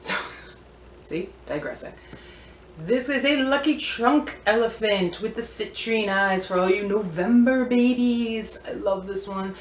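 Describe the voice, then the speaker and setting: In an echoey room, a woman who sells vintage antiques talks a little slowly in a mid-range voice. Her casual show-and-tell vlog is chatty, playful and wanders from item to item.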